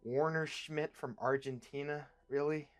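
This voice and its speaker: A man's voice: fairly high pitch, fairly even intonation, a little slow, close to an everyday voice. Dry, hesitant male teammate, mildly exasperated, by a male narrator. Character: hesitant polite male team member.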